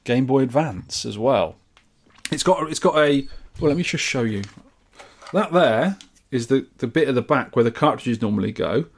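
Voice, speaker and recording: A man's voice: medium pitch, expressive, moderate pace. A man from the UK chatting casually and enthusiastically as a podcast host. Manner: chatty and enthusiastic, rambling with restarts. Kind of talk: casual chat.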